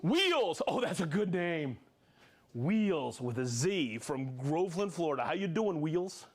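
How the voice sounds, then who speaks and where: A man with a high, bouncing voice hosts a live stream and rattles off viewers' names and hometowns. He sounds upbeat and playful. His pitch leaps around as he talks. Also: big pitch swings. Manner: upbeat, playful, reads names and places quickly. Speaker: host.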